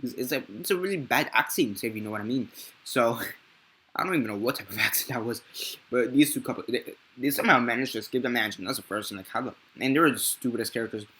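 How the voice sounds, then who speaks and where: Guy reviewing a movie, bright voice, kinda rambly, swears a lot and keeps correcting himself. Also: mid-range voice, quick pace, breathy edge. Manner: rambling and profane, with frequent self-corrections. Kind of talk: casual unscripted film review.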